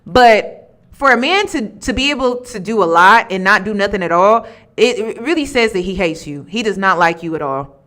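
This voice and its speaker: A woman's voice: mid-range voice, animated, normal speed, a bit bright. Woman vlogger ranting casually, blunt and emphatic, keeps repeating herself. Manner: candid, emphatic, repeats her points. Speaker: commentary vlogger. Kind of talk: casual opinion commentary.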